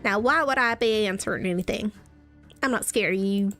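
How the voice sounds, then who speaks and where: Woman playing a grumpy, defensive middle-aged worker; gruff, wobbly accent. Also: mid-range voice, normal speed, faint music behind, lightly acted. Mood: hostile. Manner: gruff, defensive, half-hearted put-on accent. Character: hostile, distrustful middle-aged male worker.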